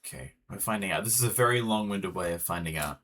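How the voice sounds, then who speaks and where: A man's voice: sits low, expressive, fast talker, fairly bright tone. An Australian man chatting casually with viewers while streaming a game, rambling as he talks. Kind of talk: casual live gameplay chat.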